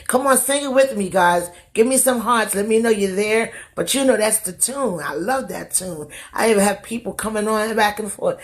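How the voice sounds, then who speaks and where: A woman's voice: mid-range voice, normal speed. A woman hosting a casual livestream from her phone, her voice going from a cold, singing greetings and chatting in a rambling way. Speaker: live stream host. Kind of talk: casual live stream chat.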